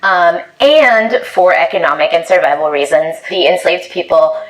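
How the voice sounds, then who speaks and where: A woman linguist explains her subject in a calm, measured way. Her voice sits slightly low for a woman, and it is recorded with a noticeably roomy echo. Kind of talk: scripted explainer.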